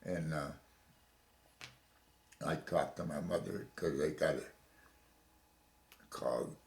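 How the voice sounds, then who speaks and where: An older man recounts his memories in an interview at home, his very low voice full of gravel. He stops and restarts often, repeating words as he goes. The room gives his voice a noticeable echo. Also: fairly even intonation, slow pace, darkish tone, a little hiss or hum. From Chicago, USA. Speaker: veteran interviewee. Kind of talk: oral history interview.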